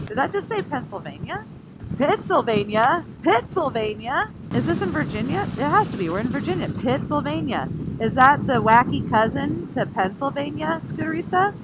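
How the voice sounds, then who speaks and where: Tired, playful woman vlogging on a ride. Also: on the high side. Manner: playful, silly, jumps between jokes and emotion. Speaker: motorcycle rally vlogger. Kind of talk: casual rambling vlog. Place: riding outdoors on a scooter. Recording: loud wind noise.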